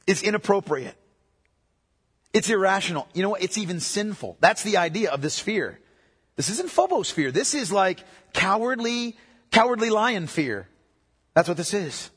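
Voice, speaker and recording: A man with a very high, husky voice preaches a sermon, talking to the congregation like a friend. He drops to hushed, slow phrases, then presses with emphatic ones. His voice rings with the long reverb of a large hall. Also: very animated. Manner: conversational, swings from hushed to emphatic.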